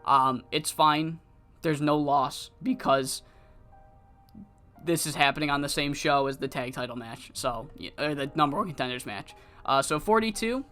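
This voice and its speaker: A casual narrator recapping a wrestling management game save, rambling with frequent ums and loose swearing. The voice sits mid-pitch over faint background music. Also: normal speed, a bit bright. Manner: rambling, profane, many fillers.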